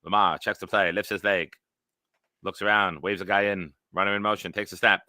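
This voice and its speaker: A man's voice: low-pitched, flat delivery, sharp tone, no echo. A man putting on an old-time 1920s radio announcer voice for punchy football play-by-play. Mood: excited. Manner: rapid, punchy announcer delivery.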